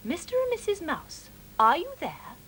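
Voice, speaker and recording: A woman voicing a calm, grateful mother cat in a storybook, slow and gracious. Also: extremely high pitch, slight background noise, pitched above the performer's own voice, full character voice, poor audio.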